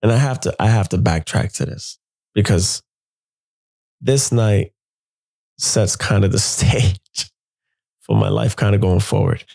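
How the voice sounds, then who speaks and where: A young man telling a personal story in a casual, animated way, jumping into his friends' voices when he quotes them. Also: on the low side, a little slow, vocal fry, pauses often.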